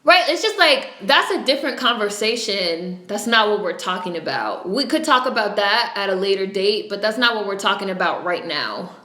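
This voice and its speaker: A woman's voice: mid-range voice, animated, moderate pace, hardly any pauses, bright, forceful tone. A woman with a New York accent hosting a casual livestream, chatting bluntly with lots of swearing. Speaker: livestream host. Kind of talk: casual live-stream chat. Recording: echoey room.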